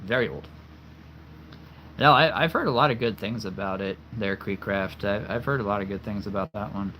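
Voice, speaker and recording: A man's voice: lowish voice, animated, moderate pace, pauses often, pushed and bright, a little hiss or hum. A man chatting casually on a livestream, answering viewers with frequent laughter while losing his voice. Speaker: livestream host.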